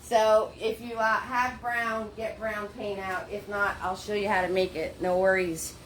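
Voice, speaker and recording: A woman's voice: medium pitch, flat delivery, a little slow, a bit bright, a little hiss or hum. A woman leading a live online painting class from her home, chatty and encouraging, laughing often and greeting viewers by name. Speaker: paint party instructor. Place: her home studio, indoors. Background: faint background music.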